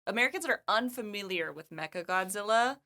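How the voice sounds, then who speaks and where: A woman co-hosting a podcast, talking in an animated, chatty way and explaining at length. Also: mid-range voice, quick pace. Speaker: podcast co-host. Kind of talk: casual chat.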